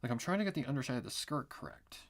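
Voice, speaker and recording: An artist streaming a drawing session thinks aloud as he works, muttering to himself, often dropping to a whisper, and tossing out dry, sarcastic asides. His mid-range, gravelly voice races along with big pitch swings.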